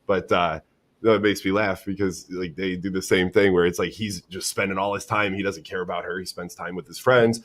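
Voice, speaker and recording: A man in a casual talk show chat, describing a show in a relaxed, amused way. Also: deep voice, fairly quick.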